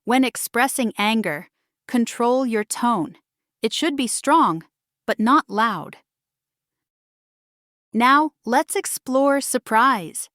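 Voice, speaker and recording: Higher-voiced woman teaching English phrases. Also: lively intonation, fairly bright tone, no echo, studio quality. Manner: models phrases slowly for shadowing, repeating each twice. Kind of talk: scripted lesson narration.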